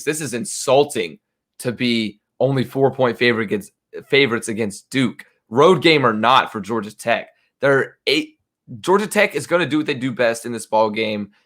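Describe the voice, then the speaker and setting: A man's voice: medium pitch, a bit bright. Chatty young man giving betting picks. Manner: chatty, confident, conversational with fillers. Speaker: sports betting show host. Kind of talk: casual sports betting picks talk.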